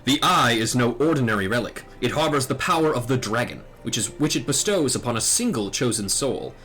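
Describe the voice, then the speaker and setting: A man's voice: mid-range voice, expressive, fairly quick, fairly bright tone, close to an everyday voice. A man voicing a grave, formal older knight who once taught dragoons, read out from a game. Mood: solemn. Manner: formal, grave storytelling delivery.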